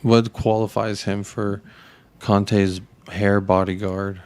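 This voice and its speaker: A man's voice: on the low side, flat delivery, slow, darkish tone, smooth, dry recording. A man as a guest in a casual chat, wisecracking and teasing the others.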